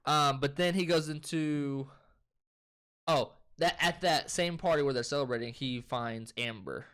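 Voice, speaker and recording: A young man, co-hosting a casual chat and loosely retelling a movie plot with profanity and quick voices. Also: fairly high pitch, a bit bright. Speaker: co-host.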